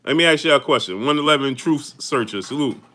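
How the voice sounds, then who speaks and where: A man hosting a live boxing stream, greeting his viewers one by one in energetic slang. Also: mid-range voice, fairly quick. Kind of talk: casual live-stream shout-outs.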